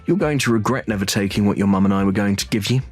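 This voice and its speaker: A man's voice: fairly low pitch, fast talker, darkish tone, close to an everyday voice. A synthetic man's voice reading an arrogant, cheating rich ex-husband who taunts smugly in a text-message story. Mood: angry. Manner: smug, taunting. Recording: faint music underneath.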